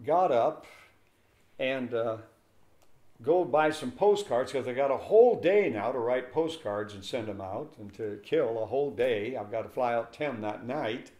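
A man's voice: medium pitch, a little slow. An older man, a pastor, telling a story in an interview and acting out the voices of the people in it. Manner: animated storyteller acting out dialogue. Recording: echoey room.

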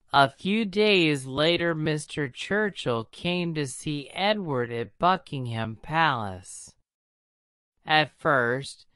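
A woman narrates a story very slowly and deliberately, pronouncing each word with care. Her voice is bright and smooth, with a lively rise and fall, recorded close in a dry space. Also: sits low, no room sound. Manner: slow, deliberate, careful reading. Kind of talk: scripted narration of a graded reader.

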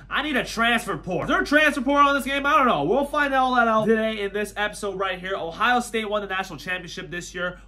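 A young gaming YouTuber with a high, bright voice delivers energetic gameplay commentary. He's hyped and jokey, shouts often, and talks in slang, tossing in "you know what I'm saying."

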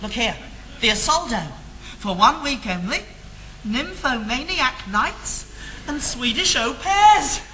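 A man's voice: very high voice, slow pace, a little hiss or hum, heavily acted. An actor playing a posh, naive, bookish teenage boy in a stage musical, with an earnest and eager way of talking and singing. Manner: earnest and eager, animated sing-song delivery. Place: theatre stage. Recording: distant live theatre recording with music.

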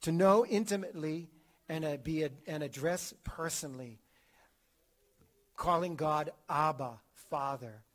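A man teaching a theology class, talking in an animated way, acting out quotes and often repeating and restarting words. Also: on the high side, measured pace. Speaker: catechism teacher.

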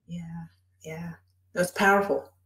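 A woman's voice: lowish voice, fairly even intonation, takes it slowly, fairly bright tone. A woman hosting an interview who speaks reflectively, affirms her guest and asks probing questions. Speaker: podcast host. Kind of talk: interview conversation. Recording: echoey room.

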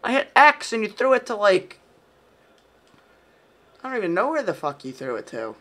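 A man giving profane let's-play commentary, reacting loudly to gameplay. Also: high-pitched, sing-song, normal speed. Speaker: gaming YouTuber. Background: music playing.

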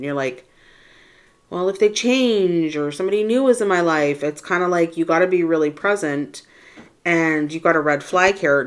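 Low-voiced woman giving a chatty tarot reading. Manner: chatty, often tags lines with "right?" and addresses "Divine Feminine". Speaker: spiritual tarot reader. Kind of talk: casual intuitive card reading to viewers.

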